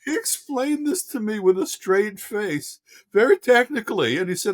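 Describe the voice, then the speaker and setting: An older man, a film director guest on a podcast, telling a lively story and acting out voices. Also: high voice, moderate pace. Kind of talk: casual anecdote telling.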